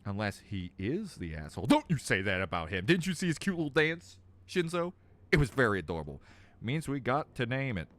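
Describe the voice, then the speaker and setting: Young guy doing lets play commentary, jokey, lots of laughing, bright voice jumping all over. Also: medium pitch, brisk, no room sound. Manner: animated, joking, laughs often. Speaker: let's play streamer. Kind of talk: casual game commentary.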